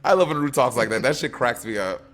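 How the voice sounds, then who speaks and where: Dude co-hosting a chat show, voice bounces all over, sharp and bright, swears a lot. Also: male voice, medium pitch, fast, slight background noise. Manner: expressive, swears a lot, laughs often. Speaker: podcast co-host. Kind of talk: casual chat.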